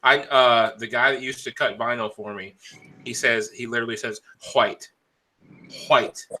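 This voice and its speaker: A man in relaxed podcast banter, joking loosely with friends and swearing casually. His voice sounds bright and forward. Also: medium pitch, fairly quick, slight background noise, rough recording. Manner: laid-back, joking, profane.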